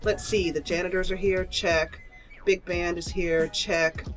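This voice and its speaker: A woman voicing a flamboyant male party host in a tabletop fantasy game, speaking in halting bits. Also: on the low side, fairly even intonation, faint music behind, pitched below the performer's own voice, lightly acted. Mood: checking off.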